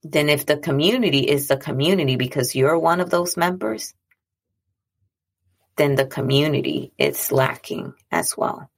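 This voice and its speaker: Woman, low gravelly register, earnest chatty monologue, repeats lines to drive the point home. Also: sing-song, normal speed. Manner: earnest, conversational, repeats phrases for emphasis. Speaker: speaker on mental health and boundaries. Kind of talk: reflective monologue.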